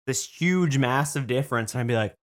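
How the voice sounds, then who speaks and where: A man's voice: medium pitch, brisk, no echo, studio quality. A man talking bluntly in a casual group chat, swearing offhandedly.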